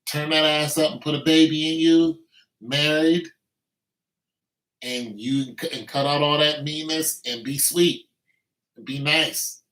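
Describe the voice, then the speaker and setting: A man's voice: on the high side, fairly even intonation, measured pace, long pauses, a bit bright. Blunt, preachy man in an echoey room. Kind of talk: casual rant with improvised singing.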